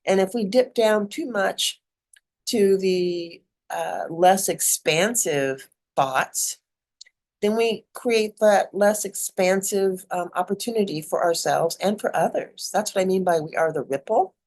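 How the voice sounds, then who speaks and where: A woman's voice: medium pitch, a little slow, darkish tone. A middle-aged woman giving a casual spiritual talk as a mentor, chatty and digressive, often laughing.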